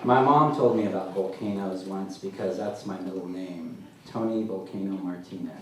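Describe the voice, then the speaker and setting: A man as an author at a live literary reading, telling his story in a dry, deadpan way, recorded from far off in a large hall. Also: low-pitched, moderate pace. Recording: echoey hall, mic far off, faint noise.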